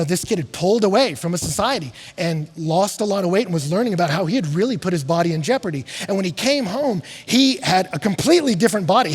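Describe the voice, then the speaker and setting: A middle-aged male pastor preaching with a high, slightly husky voice. He is animated, dropping to quiet asides and then rising to shouts. The sound carries a long reverb from a large church hall. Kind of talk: sermon.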